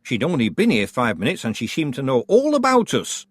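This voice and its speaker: A man's voice: mid-range voice, huge pitch swings, brisk, no room sound, pitched above the performer's own voice. A man voicing an older village woman in an audiobook, chattering proudly and gossiping.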